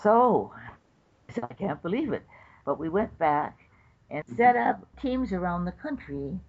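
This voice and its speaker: A woman's voice: on the low side, a little slow. Older woman judge telling stories, lo-fi. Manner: animated storyteller acting out quotes. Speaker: federal judge. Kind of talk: interview storytelling. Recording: dull lo-fi recording.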